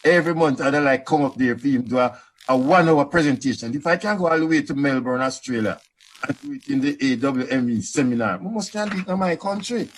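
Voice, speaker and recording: Husky Jamaican man telling stories. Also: medium pitch, fairly quick. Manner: animated storytelling with quoted dialogue. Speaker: panelist, music industry veteran. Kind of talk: panel discussion.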